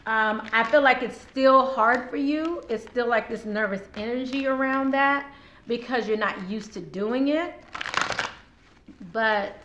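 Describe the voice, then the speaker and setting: A tarot card reader with a slightly high, fairly bright voice speaks a little slowly, doing a relaxed reading to camera while nursing a sore throat. She addresses her viewers directly and laughs a lot; the room echoes, with faint background noise.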